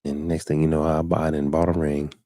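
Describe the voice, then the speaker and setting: A man in his thirties hosting a live talk stream, telling a personal story casually and acting out quoted lines with sudden high jumps in his voice. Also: fairly quick. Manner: animated storyteller, acts out quotes with big pitch jumps. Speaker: show host. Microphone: studio mic, live stream.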